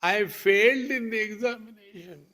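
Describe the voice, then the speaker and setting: A man's voice: high voice, normal speed, pushed and bright, voice pushed up. A man voicing a young boy who is upset about a bad dream, in a plaintive tone.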